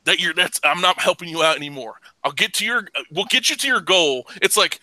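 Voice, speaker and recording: A man hosting a casual podcast chat, ranting with heavy profanity and bursting into loud laughs. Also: high-pitched, lively intonation, brisk, no room sound, low-quality recording. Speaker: podcast host.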